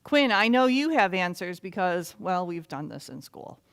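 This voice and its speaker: A woman teaching a children's Bible lesson in animated storytelling that sometimes drops to a loud whisper. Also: fairly low pitch, normal speed, clean tone.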